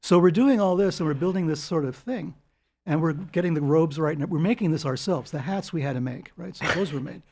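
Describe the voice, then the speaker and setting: Animated older new man telling stories. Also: a little high, brisk. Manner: animated, chuckling anecdotal storyteller. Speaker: guest author. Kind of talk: storytelling interview.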